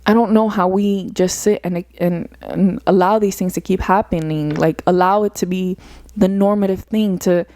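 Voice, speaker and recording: A woman's voice: medium pitch, unhurried, warm tone, no room sound. A young woman hosting a solo podcast, talking through her thoughts in an earnest, rambling way, full of "like" and "you know". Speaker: podcast host. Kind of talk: reflective solo podcast monologue.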